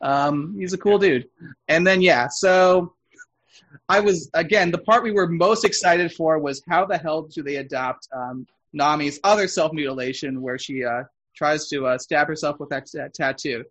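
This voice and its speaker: A man with a somewhat high voice chats loosely as a podcast co-host. He rambles, circling back with fillers and restarts as he goes. His tone stays conversational throughout. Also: moderate pace, a bit bright, low-quality recording. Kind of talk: casual chat reviewing an anime dub.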